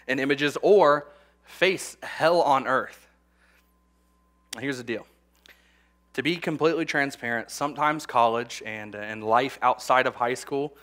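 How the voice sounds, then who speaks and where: A young man with a mid-range voice preaches to graduating students in a bright, forceful tone. He keeps it conversational, repeating words and slipping in light humorous asides.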